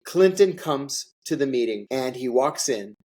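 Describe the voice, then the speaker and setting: Guy telling stories in an interview, mid-pitch voice, hammers his points by repeating them. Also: expressive, a little slow, darkish tone. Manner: emphatic, repeats phrases for effect, acts out quotes. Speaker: interview guest, former intelligence officer. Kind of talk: candid conversational storytelling.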